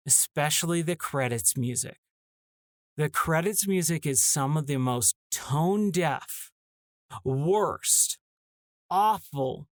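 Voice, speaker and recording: A man with a somewhat high voice rants in casual talk, sounding exasperated and now and then mocking bits of dialogue. The sound is dry and close, with no room around it. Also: creaky, no room sound. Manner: exasperated, ranting, mock-acts short dialogue snippets. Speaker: podcast host.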